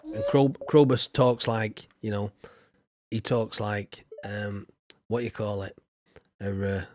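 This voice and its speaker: A man's voice: lowish voice, fairly even intonation, slow pace, background noise. A man from England, chatting casually while streaming a game. He rambles in a chatty, playful way. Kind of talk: casual live gameplay chat.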